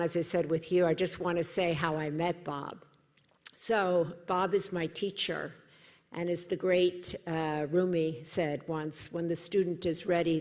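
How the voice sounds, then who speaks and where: A middle-aged American woman speaks from a podium in a large hall, and her voice carries a long reverberant tail. Her pitch sits slightly low. She talks with earnest gratitude and turns lively and expressive when she tells a personal story. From United States. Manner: warm, earnest, animated when quoting others. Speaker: event speaker. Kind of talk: personal speech at a dinner event. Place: large hall at a dinner event.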